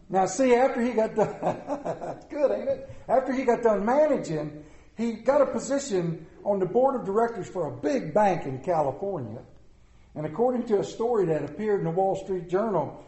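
Speaking to his congregation in a large hall with an echo, this male preacher has a high, very animated voice and a moderate pace. His folksy sermon runs on joking stories, swinging between loud stretches and hushed ones.

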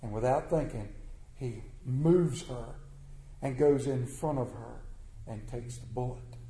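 A man preaching a sermon as a folksy, plainspoken storyteller who swings between loud and hushed delivery. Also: medium pitch, measured pace. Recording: echoey room.

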